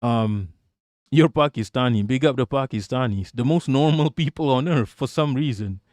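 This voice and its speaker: A man's voice: mid-range voice, moderate pace, darkish tone, no echo. A man in his thirties doing casual live-stream commentary and reading chat aloud, blunt and profane, often breaking into laughter.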